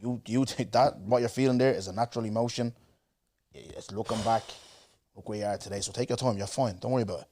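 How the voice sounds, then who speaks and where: A man hosting a podcast, gently encouraging his guest in a casual way. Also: lowish voice, fast talker, slight background noise. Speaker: podcast host. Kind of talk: podcast interview.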